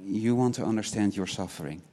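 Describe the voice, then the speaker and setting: Low-voiced male preacher in a reverberant hall. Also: a little fast, warm tone. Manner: asks many rhetorical questions, tagging points with "right?"; earnest, repeats words as he restarts. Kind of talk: sermon.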